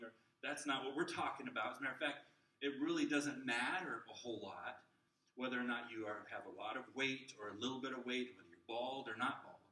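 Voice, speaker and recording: A man's voice: mid-range voice, pushed and bright. A man teaching a workshop to church volunteers on working with kids, in a chatty style that keeps checking in with his audience. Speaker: children's ministry trainer. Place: church room with adult trainees. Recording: echoey room, distant mic, faint noise.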